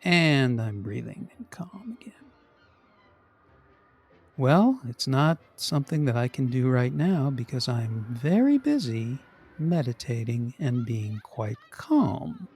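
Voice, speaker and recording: A man acting out a comedy sketch as a man who forces himself to sound calm during a phone call about an overdue bill. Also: mid-range voice, full character voice. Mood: forced calm. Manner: hushed, breathy, deliberately slow.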